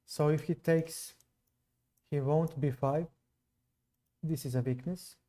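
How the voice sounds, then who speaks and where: Slow, mellow-voiced chess streamer. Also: male voice, a little high, steady tone. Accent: non-native English. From Serbia. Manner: slow, musing, chats with viewers between moves. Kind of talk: live stream commentary while playing.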